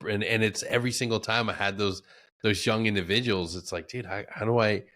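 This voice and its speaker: A man's voice: fairly low pitch, brisk. A man hosting a podcast, a veteran telling war stories in casual, profane chat. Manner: profane, animated storyteller.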